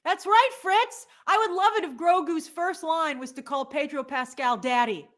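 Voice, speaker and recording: A woman's voice: high-pitched, moderate pace, fairly bright tone. A middle-aged woman co-hosting a movie news show in casual chat, opinionated and reading out viewer comments and polls.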